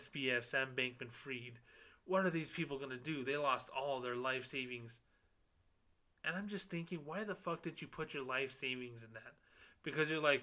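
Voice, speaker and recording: A man's voice: mid-range voice, sharp tone. A man hosting a podcast, ranting sarcastically about money and scams and mocking complainers in put-on quotes. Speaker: podcast host, former banker. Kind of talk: casual ranting monologue.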